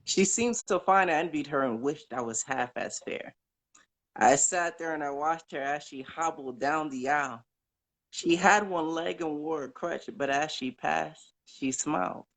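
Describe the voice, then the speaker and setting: A man calling in to recite poems from memory, earnest and unhurried, pausing with fillers between verses. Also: fairly high pitch, expressive, gravelly. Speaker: caller.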